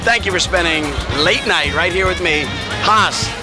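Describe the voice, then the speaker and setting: A man reporting from a crowded nightclub as a nightlife correspondent, loud and excitable like a hype man, his voice going hoarse. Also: high-pitched, moderate pace. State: losing his voice. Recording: loud music and crowd behind.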